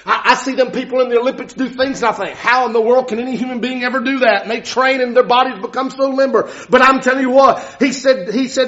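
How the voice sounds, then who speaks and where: A male preacher delivering a fervent, dramatic sermon, often shouting and acting out the voices of biblical figures. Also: very high-pitched, expressive, a little fast. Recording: dull lo-fi recording.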